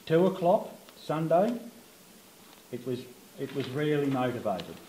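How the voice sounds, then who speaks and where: A frustrated local man makes his points emphatically at a community meeting. His voice is dark and mellow, and it rings in an echoey hall. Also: medium pitch, very animated, measured pace, slight background noise.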